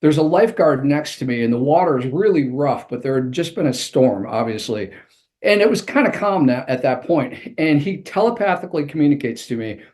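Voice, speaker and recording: A man's voice: on the high side, lively intonation, brisk, a little mellow. A man, an author and executive coach, telling a vivid personal story as a guest in an interview.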